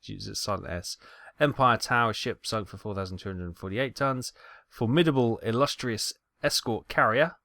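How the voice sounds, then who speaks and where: A man with a lowish voice talks through his gameplay in a chatty, wry way, tripping over tricky names as he reads them out. The sound is close and dry, with no room around it. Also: normal speed, gravelly, pushed and bright, no echo. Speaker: gaming channel host. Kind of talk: casual gameplay commentary.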